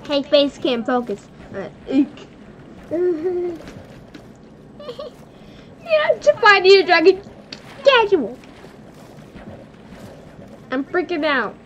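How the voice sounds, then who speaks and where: A young woman hosting a casual gaming video, excitable, giggly and nervous as she plays with a friend. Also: very high-pitched, very slow, long pauses, lo-fi sound, slight background noise. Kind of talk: casual gameplay chat.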